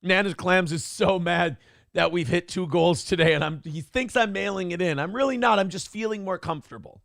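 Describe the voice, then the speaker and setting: Man, show host, high-pitched, gravelly, sarcastic, swears a lot, dry close mic. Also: a little fast, fairly bright tone, no room sound. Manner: crude, sarcastic, swears freely. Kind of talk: casual live-stream commentary.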